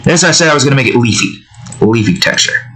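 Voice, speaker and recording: A man's voice: medium pitch, animated, fast, pushed and bright, low-quality recording. A young man casually narrating as he draws, rambling and muttering to himself. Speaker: digital artist. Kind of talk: casual narration while drawing.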